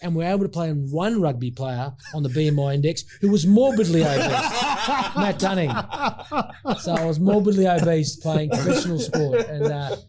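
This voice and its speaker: A man's voice: fairly high pitch, lively intonation, normal speed, crowd noise. An Australian man, a former rugby player, telling a rambling, self-mocking story between laughs. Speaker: guest, former rugby prop. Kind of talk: casual storytelling.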